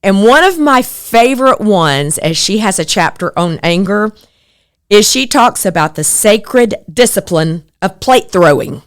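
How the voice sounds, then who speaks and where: Slow, earnest woman. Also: mid-range voice. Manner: earnest, reflective, animated when quoting others. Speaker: podcast host. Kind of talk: personal podcast monologue.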